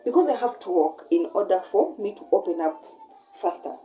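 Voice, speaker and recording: A young woman with a Kenyan accent telling a personal story in a casual, animated way, switching between English and Swahili mid-sentence. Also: medium pitch, fairly quick, lo-fi sound, soft background music. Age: young adult. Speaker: vlogger.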